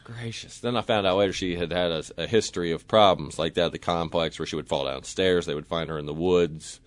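Radio host, man, animated storyteller, dry booth sound. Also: fast talker, no echo. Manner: lively storyteller, acts out voices with big pitch jumps.

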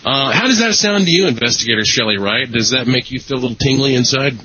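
A man's voice: mid-range voice, lively intonation, fast talker, sharp tone, a little hiss or hum. A man hosting a casual talk show, rambling with fillers and self-deprecating humor. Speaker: podcast host. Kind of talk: casual chat. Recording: dull lo-fi recording.

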